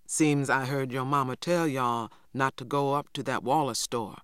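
A man voicing a large, stern, quiet older farmhand who speaks slowly and low, as a storybook reader. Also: fairly even intonation, smooth, no echo, clean studio sound, close to an everyday voice. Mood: stern calm. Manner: slow, low and measured.

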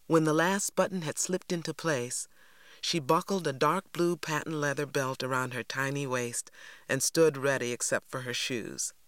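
A man giving a measured, unhurried audiobook narration. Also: medium pitch, fairly even intonation, fairly bright tone, dry recording.

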